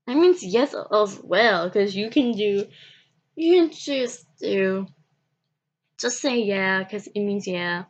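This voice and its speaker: A woman tells a personal story to her vlog audience, circling back and restarting her sentences as she goes. She talks slowly, at a middling pitch. The recording sounds dull and lo-fi. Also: animated. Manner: halting, repetitive, restarts often. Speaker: vlogger.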